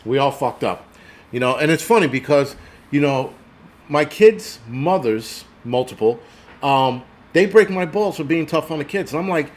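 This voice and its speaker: A man's voice: fairly high pitch, animated, normal speed. A man in his forties hosts a loose livestream, swearing freely and rambling as he answers viewer comments. His voice sits slightly above the usual male range. The tone stays blunt and unpolished throughout. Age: 40s. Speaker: host. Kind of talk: casual livestream rant.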